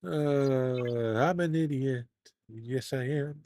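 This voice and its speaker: A man's voice: mid-range voice, lively intonation, a little slow, pauses often, dry recording, clean studio sound. A man streaming a game live, commenting in a playful, jokey, self-mocking way.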